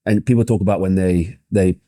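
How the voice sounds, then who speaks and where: Male podcast interviewer with a very deep, very dark voice. Thoughtful questions, dry close sound. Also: fairly even intonation, brisk, dry recording.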